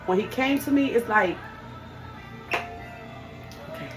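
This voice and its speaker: A young woman tells a personal story to the camera in a raw, heartfelt voice that sits a little high. Her grief breaks through her voice. Soft music plays faintly behind her. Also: slow pace, poor audio. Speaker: hairstylist.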